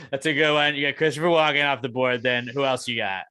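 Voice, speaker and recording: A man hosting casual podcast banter, laughing often and goading the others. His voice is bright and forward. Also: medium pitch, no echo. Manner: laughing, egging others on, swearing. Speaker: podcast co-host. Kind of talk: casual chat.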